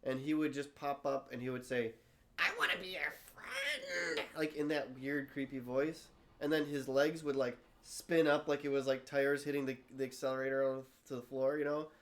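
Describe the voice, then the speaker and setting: A man's voice: mid-range voice, flat delivery, a little fast. A man casually telling a long, rambling story to friends during a gaming session.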